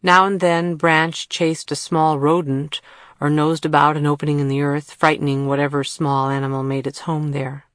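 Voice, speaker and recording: A woman narrating an audiobook in a measured storytelling read. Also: deep voice, flat delivery, no echo, studio quality. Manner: measured storytelling read, puts on voices for characters.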